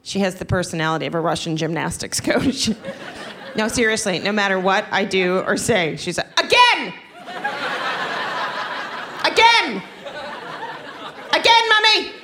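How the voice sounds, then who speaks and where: A woman's voice: lowish voice, brisk, a bit bright, some chatter behind, a little hiss or hum. Woman doing standup, chatty, laughs into her jokes, bit of room sound behind. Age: 30s. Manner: chatty, laughing through punchlines, acts out her daughter's voice. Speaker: stand-up comedian. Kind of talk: stand-up comedy set. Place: comedy venue stage.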